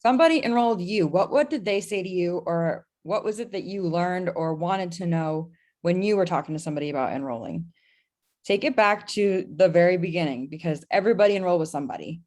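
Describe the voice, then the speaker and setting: A woman speaks plainly and emphatically in a casual group conversation. Her voice sits a bit lower than most. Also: brisk, a little mellow. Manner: direct, emphatic. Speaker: team member in a group chat.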